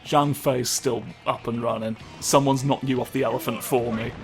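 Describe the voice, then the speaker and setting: A man with a gravelly, creaky voice riffs through his playthrough in a loose, joking way, cursing freely as he goes. Loud game music plays behind him. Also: medium pitch, fairly even intonation, normal speed. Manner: rambling, jokey, swears often. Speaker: let's play host. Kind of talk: casual gameplay commentary.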